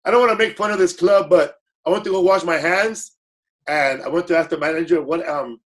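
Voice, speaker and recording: Speaking fast in a fairly high voice, a man appears as a guest comedian, telling rambling, easygoing stories. He self-corrects along the way and slips into Spanish phrases.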